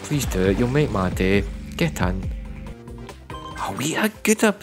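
A man giving live commentary on slot machine spins, chatty and prone to repeating words, breaking into loud excited bursts. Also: fairly low pitch, a little slow, music in the background. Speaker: online slots streamer.

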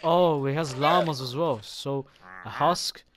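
A man giving casual gameplay commentary as a gaming YouTuber, excitable and swearing often as he reacts aloud to what he sees. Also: on the high side, a little slow, a crowd in the background. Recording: game music clearly behind the voice.

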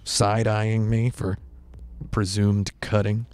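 A man hosting a casual interview in a small studio, deadpan and rambling, with music behind. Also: lowish voice, slow pace. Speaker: host.

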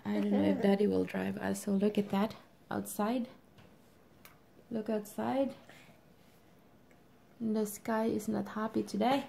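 A woman's voice: mid-range voice, little pitch movement, unhurried, vocal fry, pauses often, mellow, a little hiss or hum. A woman filming a casual home vlog, talking sweetly to her children over breakfast. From Philippines. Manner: doting, sing-song talk to her kids.

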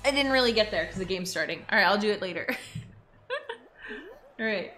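A woman's voice: medium pitch, moderate pace, faint music behind. A young woman streaming a game, chatting casually with viewers and cooing baby talk at her dog. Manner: chatty and animated, talks to viewers. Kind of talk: casual livestream chat.

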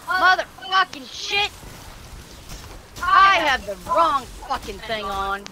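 A woman streaming a game with friends, chatting casually and swearing in excited outbursts. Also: high-pitched, slow, crowd noise. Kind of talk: casual gaming chat.

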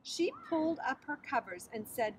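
Woman reading a storybook with lively melody. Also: sits high, moderate pace, slight background noise, poor audio. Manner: expressive storytelling. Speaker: preschool teacher. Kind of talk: reading a picture book aloud. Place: outdoors on a bridge over a creek.

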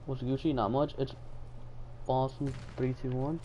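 A man's voice: mid-range voice, flat delivery, a little slow, warm tone, a little hiss or hum. A young man from Texas live-streaming a game, chatting casually and joking while reading viewer messages aloud. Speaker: gaming streamer.

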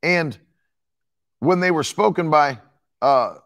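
A man's voice: fairly high pitch, takes it slowly. A male preacher delivering an emphatic sermon, reading and explaining a Bible passage. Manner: emphatic, animated Bible exposition.

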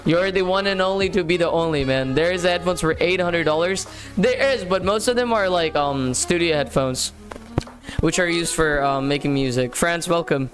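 A man's voice: fairly high pitch, normal speed, a bit bright, faint music behind. A man hosting a live gaming stream, chatting casually in slang and greeting viewers by name. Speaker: livestream host. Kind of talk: casual gaming livestream chat.

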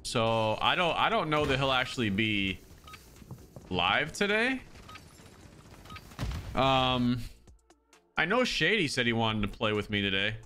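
Streaming a shooter game, a man keeps up loose, casual commentary with his viewers, calling chat "dude" and "brother." His mid-range voice is very animated, pushed and bright, at a moderate pace. Soft background music plays, and he uses a streaming mic through an audio mixer.

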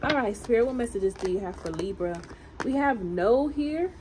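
A woman's voice: on the high side, moderate pace. Emphatic tarot-reading woman, Southern drawl. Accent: American Southern country. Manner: animated, emphatic, chatty and teasing. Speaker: tarot reader. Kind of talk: casual tarot reading for viewers. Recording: noisy home recording.

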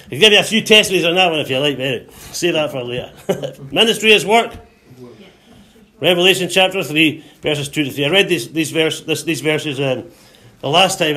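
A man preaching a sermon to a congregation, calling for responses, quoting scripture and acting out voices with sudden high shouts. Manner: call-and-response preaching, frequent hallelujahs.

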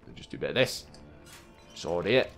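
Low-voiced young man gaming. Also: very animated, normal speed, fairly bright tone, soft background music. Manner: chatty, easily exasperated, talks to game characters. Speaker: gaming channel host. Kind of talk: casual let's-play commentary.

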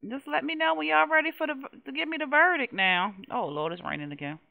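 A young woman streams a life-simulation game as casual Let's Play commentary, chatting, laughing, and talking to its characters. She is a fast talker with a high, creaky voice and lively intonation, heard through phone-quality sound.

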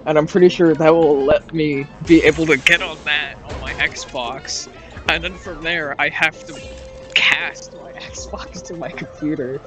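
A man's voice: fairly high pitch, steady tone, measured pace, a bit bright. Young man chatting over game music. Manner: loose, swearing, laughs often. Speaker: gamer. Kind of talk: casual gaming chat. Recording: game music playing behind.

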